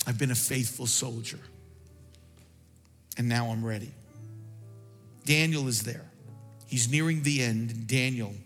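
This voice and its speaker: A man's voice: mid-range voice, big-room sound. A man pastor preaching a sermon with impassioned delivery that swells toward near-singing peaks.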